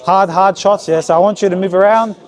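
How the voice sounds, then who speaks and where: A man works as a boxing coach in a gym. His voice sits high for a man, and he keeps firing brisk, repeated cues to his fighter. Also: steady tone. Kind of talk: hands-on coaching session. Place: boxing gym with heavy bag.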